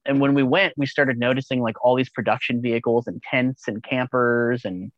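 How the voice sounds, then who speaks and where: A man's voice: mid-range voice, steady tone, moderate pace, no room sound, muffled recording. A man chatting casually as a podcast guest, rambling with enthusiasm and swearing freely. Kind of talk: casual chat.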